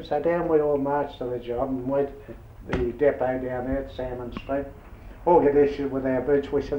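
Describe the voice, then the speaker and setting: A man's voice: medium pitch, moderate pace. Older man, interviewee, earthy yarn-spinner; roomy, lo-fi tape. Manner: rambling, earthy, chuckling anecdotes. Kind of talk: oral history storytelling. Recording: dull roomy old tape with hiss.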